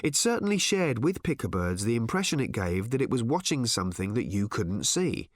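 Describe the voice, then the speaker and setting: A man reading an audiobook with expressive, wry storytelling. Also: medium pitch, fairly quick, no echo, studio quality. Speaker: audiobook narrator. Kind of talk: scripted narration.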